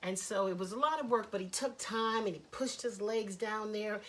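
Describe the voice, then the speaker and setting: A woman storyteller telling a children's story with lively, chatty asides to her listeners. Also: mid-range voice, normal speed.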